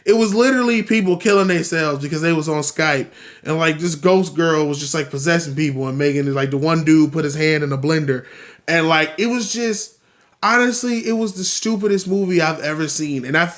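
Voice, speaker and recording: A man hosting a solo podcast, ranting casually and animatedly, swearing often and repeating himself. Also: a little high. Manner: animated, profane, repeats himself, acts out quotes. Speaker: podcast host.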